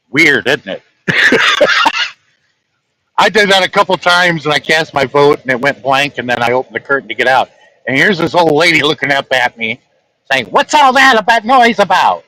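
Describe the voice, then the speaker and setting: A man's voice: on the high side, bright, forceful tone, no room sound, rough recording. A man, a truck-driving vlogger, telling a story in a rambling, chatty way and chuckling at his own tales. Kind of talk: casual storytelling.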